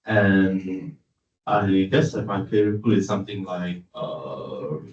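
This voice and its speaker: A male student from Sabah with a Malaysian English accent introduces himself in a relaxed, hedging way. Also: low voice, takes it slowly, slight background noise. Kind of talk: self-introduction in class. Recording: dull echoey classroom, distant mic.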